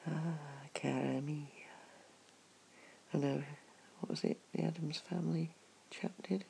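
A person doing a whispered role-play, murmuring softly and sleepily as an unwell partner being cared for. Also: mid-range voice, unhurried, pauses often. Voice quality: gravelly creak. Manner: soft, sleepy, affectionate murmuring.

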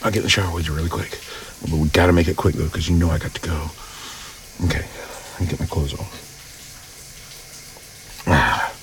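A man murmurs through an intimate audio role-play in an extremely deep, gravelly voice. He takes his time, trailing into soft whispers and sighs. The recording carries a steady hiss of noise behind him. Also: fairly quick, pauses often.

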